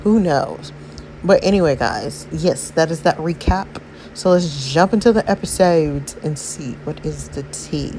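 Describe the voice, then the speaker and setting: A woman's voice: low voice, measured pace, a little mellow, slight background noise, low-quality recording. A woman hosting a gaming channel, rambling through a casual recap and commentary with many fillers and self-corrections. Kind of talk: casual story recap and gameplay narration.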